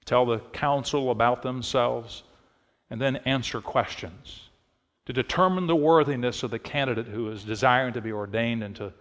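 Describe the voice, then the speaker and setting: A middle-aged man preaching in a church, his voice sitting at an ordinary pitch for a man. He moves between relaxed storytelling and emphatic, shouted declarations. A long reverb trails each phrase through the sanctuary. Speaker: pastor. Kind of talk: sermon.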